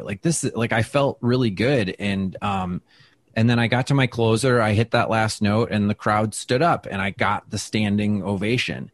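A man from Wisconsin, a comedian telling a story in an interview, animated and full of fillers and quoted asides. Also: fairly low pitch, moderate pace, dry recording. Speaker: comedian guest.

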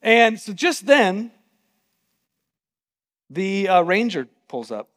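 A man's voice: sits high, sing-song, takes it slowly, fairly bright tone, big-room sound. A man preaching a sermon, telling a story casually and with animation. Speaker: pastor.

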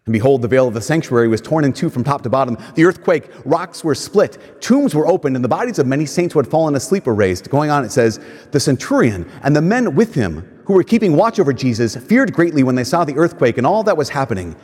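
A man preaching a sermon, reading scripture aloud with expressive, dramatic pauses. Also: on the high side, husky. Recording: reverberant hall.

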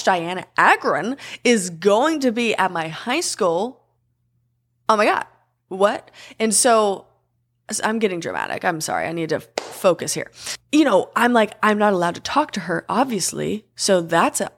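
A young woman casually telling a personal story, acting out the other people's lines with lively shifts in her voice. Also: lowish voice. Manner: animated, acts out quoted voices.

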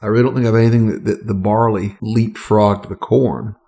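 A man from the American South with a gravelly, low-set voice chats as a whiskey tasting co-host. He is easygoing and joking, often stumbling into restarts before landing his point. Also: steady tone, a little fast, warm tone. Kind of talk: casual tasting chat.

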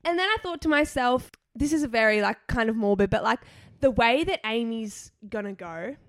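A woman's voice: fairly high pitch, animated, moderate pace, no room sound. A young Australian woman co-hosting a podcast, chatting playfully and filling her talk with "like". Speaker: podcast co-host. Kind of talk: casual chat.

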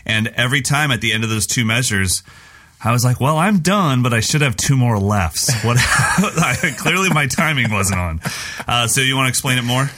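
A man's voice: mid-range voice, animated, moderate pace, sharp tone. A middle-aged man co-hosting a podcast, joking around and scatting drum patterns aloud. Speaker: podcast co-host. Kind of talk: casual chat.

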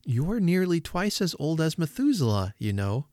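A man voicing an earnest, excited small child in a storybook reading, speaking in a raised, eager voice. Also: on the high side, moderate pace, dry recording, studio quality, pitched above the performer's own voice.

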